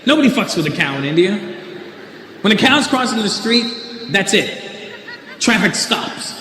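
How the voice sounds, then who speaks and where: A man's voice: high-pitched, big pitch swings, normal speed, bright, forceful tone, slight background noise. A Canadian male stand-up comedian tells wry observational stories. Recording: echoey live hall recording. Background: audience laughter.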